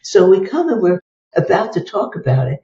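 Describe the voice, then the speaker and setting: An older woman, a psychologist, telling case stories as an interview guest and acting out the dialogue in a lively way. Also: medium pitch, moderate pace, far from the mic, a little hiss or hum. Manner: lively storyteller who acts out the dialogue. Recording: roomy, dull sound from away from the mic.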